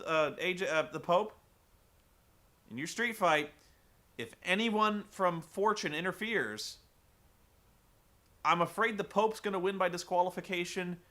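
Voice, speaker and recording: A man's voice: sits high, bright, forceful tone. A man playing an apologetic wrestling executive. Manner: apologetic, hesitant.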